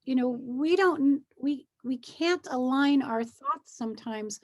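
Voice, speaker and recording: Speaking slowly in a high voice, a middle-aged hypnosis practitioner joins a casual chat as a guest. She explains feelings earnestly and with animation, acting out the things people tell themselves.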